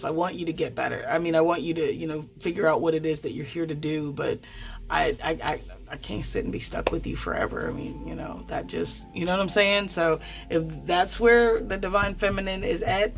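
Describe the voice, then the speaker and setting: A woman giving a casual tarot card reading, chatty and quick to swear, often stammering and restarting her sentences. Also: on the low side, gravelly, a bit bright. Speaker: tarot reader.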